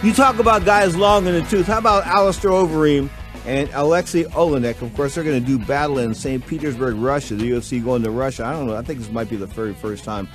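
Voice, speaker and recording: A man hosting a radio talk show, telling rambling, animated stories to his co-host and listeners. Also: mid-range voice, fast, soft background music.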